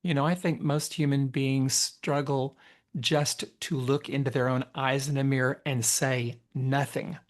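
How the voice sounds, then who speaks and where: A man hosting a podcast interview, talking expressively, telling stories and laughing easily. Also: mid-range voice. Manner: expressive, storytelling, quick to laugh. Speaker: podcast host. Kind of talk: conversational interview.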